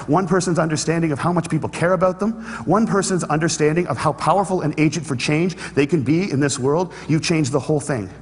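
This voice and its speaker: Fast-talking man in a big hall. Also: on the high side. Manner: storytelling, earnest, humorous asides. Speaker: speaker. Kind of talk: inspirational stage talk. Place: large hall with an audience. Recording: reverberant hall.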